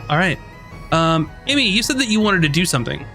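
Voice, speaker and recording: A man narrating as game master in a tabletop game, in a relaxed, chatty way with many fillers. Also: sits high, fast, faint music behind.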